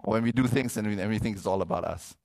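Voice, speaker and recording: A middle-aged male pastor preaching a sermon, animated, repeating words and asking for amens. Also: on the low side, very fast, creaky.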